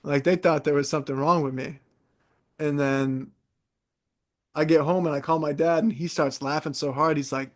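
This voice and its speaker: A man's voice: fairly high pitch, moderate pace. Chatty young man from New York. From New York, USA. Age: 20s. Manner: animated, rambling, many fillers and restarts. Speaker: podcast co-host. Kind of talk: casual chat storytelling.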